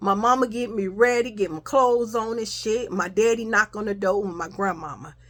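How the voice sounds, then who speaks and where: A young adult woman casually telling a childhood story to her viewers, animated and chatty. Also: medium pitch, moderate pace. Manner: animated, addresses viewers as y'all.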